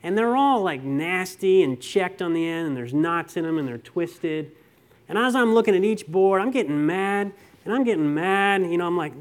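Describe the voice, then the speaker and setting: A middle-aged pastor preaching a conversational sermon, telling stories and asking rhetorical questions. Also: male voice, high voice, expressive, moderate pace.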